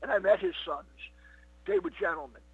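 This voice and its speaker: In an interview, a middle-aged comedian spins loose, casual stories packed with "he goes" and "you know what." His voice is high, husky and fairly quick, and the recording sounds dry, dull and lo-fi.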